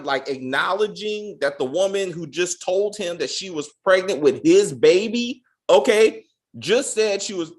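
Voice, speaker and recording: A man hosting a casual spoiler review of a TV episode, ranting in a profane, exasperated way. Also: high-pitched. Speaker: TV show reviewer.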